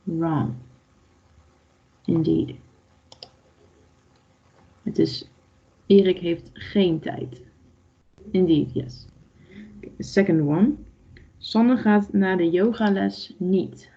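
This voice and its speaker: Slow, gravelly woman teaching a class. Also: fairly low pitch, fairly even intonation. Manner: patient, explains slowly, asks the class for answers. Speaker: Dutch teacher. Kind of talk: online language lesson. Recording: dull lo-fi online class audio.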